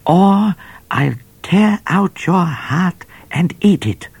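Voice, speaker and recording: A snarling bushranger cat. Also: male voice, high voice, animated, slow pace, gravelly, darkish tone, slightly rough, no room sound, voice pushed up, full character voice. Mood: menacing. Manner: snarling, threatening. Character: menacing male cat playing a bushranger.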